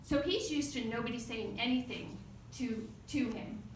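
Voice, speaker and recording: A woman from the United States giving a storytelling speech at a club meeting, acting out a quarrel with sudden loud outbursts. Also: fairly high pitch, moderate pace, a little hiss or hum. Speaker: club speaker. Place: meeting room. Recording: echoey room from far off.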